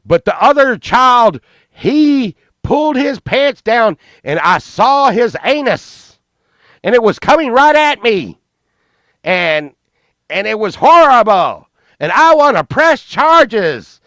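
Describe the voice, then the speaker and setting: A man voicing an outraged older woman neighbor, indignant and shrill. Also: big pitch swings, slow, fairly bright tone, dry recording, full character voice.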